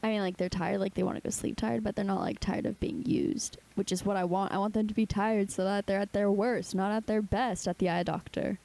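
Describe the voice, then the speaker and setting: A woman's voice: medium pitch, fairly even intonation, fairly quick, creaky, hardly any pauses, darkish tone. A young woman co-hosting a podcast in casual chat, saying "like" often and sounding tired. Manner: chatty, says "like" often, tired. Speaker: podcast co-host.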